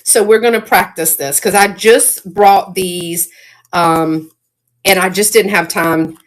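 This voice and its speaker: A woman hosting a casual live-stream sale, chatty and excitable, greeting viewers by name. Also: fairly low pitch, slow pace.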